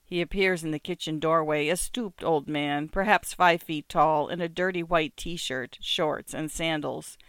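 A narrator giving a measured, descriptive first-person reading of a literary story. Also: medium pitch, steady tone, fairly bright tone, no room sound, studio quality. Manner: measured, descriptive, smooth delivery.

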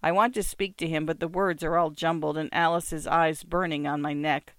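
A narrator giving a measured, descriptive first-person reading of a literary story. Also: mid-range voice, level tone, fairly bright tone, no echo, studio quality. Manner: measured, descriptive, smooth delivery.

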